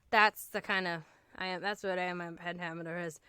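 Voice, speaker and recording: A woman co-hosting a casual comedic podcast, animated and joking, often laughing at her own bits. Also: on the low side, fairly quick, clear, resonant tone, dry recording, clean studio sound. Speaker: podcast co-host.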